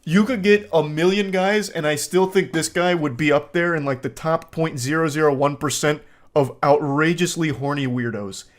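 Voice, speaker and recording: A man's voice: fairly high pitch, moderate pace. A man in his thirties hosting reaction commentary, reading dating texts aloud with incredulous, crude outbursts. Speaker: commentary host.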